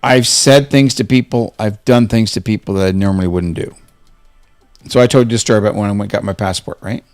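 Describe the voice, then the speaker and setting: A man's voice: lowish voice, a little fast, a little mellow, soft background music. Man ranting with heavy swearing. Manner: profane, agitated ranting. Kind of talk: casual chat.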